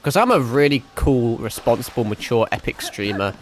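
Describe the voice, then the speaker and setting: A man's voice: medium pitch, animated, normal speed. A man born in Britain, streaming a game, chatting in a rambling, sweary, self-mocking way. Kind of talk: casual gameplay commentary.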